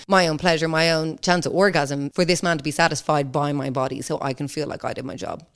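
A woman's voice: low voice, smooth. A young woman hosting a podcast in casual, blunt, sweary chat, acting out quotes in mocking voices. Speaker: podcast host.

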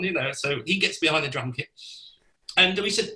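A man's voice: fairly high pitch, fast talker, roomy sound, low-quality recording. An older man, a guest musician, telling a backstage story animatedly and acting out the voices of the people in it. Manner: animated, acts out quoted voices, laughs through the story. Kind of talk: anecdotal storytelling.

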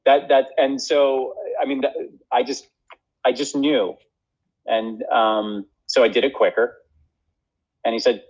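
A man's voice: mid-range voice, level tone, a little slow, pauses often, darkish tone, highs cut off. A man who is an actor, talking casually in a rambling, self-deprecating way with many fillers and restarts. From United States. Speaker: actor and guest. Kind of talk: casual conversation.

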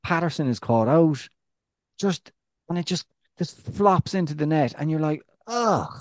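Male podcast co-host, casual football chat, animated storyteller, dry close mic. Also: normal speed, dry recording. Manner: animated storyteller, restarts, rising pitch when excited.

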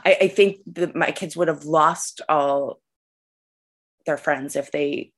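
A middle-aged woman with a low speaking voice chats casually as a podcast co-host. She talks frankly, full of fillers and restarts. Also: slow pace. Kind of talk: casual chat.

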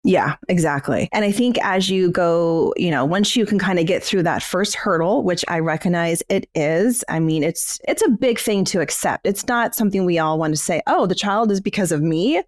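A woman's voice: fairly low pitch, moderate pace, hardly any pauses, no echo, studio quality. A woman co-hosting a podcast, explaining her ideas in a candid, casual way and swearing freely. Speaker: podcast co-host.

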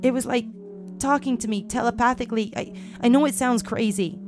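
Woman doing a scared teen girl in a put-on American accent, shaky and urgent, a touch high. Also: brisk, over music, natural voice. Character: frightened teenage girl recounting a monster.

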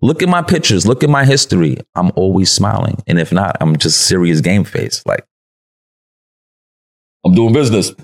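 A man with a New York accent, speaking in a very deep, low register. He tells stories as a podcast guest in loose street slang, laughing easily and slipping into other people's voices as he goes. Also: animated, normal speed. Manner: slangy and laid-back, laughs often, acts out quotes. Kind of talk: casual interview storytelling.

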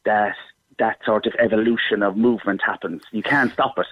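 A man's voice: on the low side, fairly even intonation, fairly quick, breathy edge, no room sound. A middle-aged man with a Cork Irish accent, a guest actor talking on the phone in an interview, effusive and full of restarts. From Ireland. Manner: effusive, warm-hearted talk with repeated restarts. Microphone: phone line. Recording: tinny phone line.

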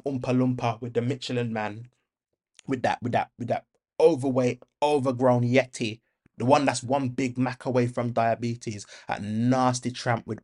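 A young man hosting a podcast, telling a story about his neighbours in a heated, profane rant, with loud outbursts. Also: medium pitch. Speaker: podcast host.

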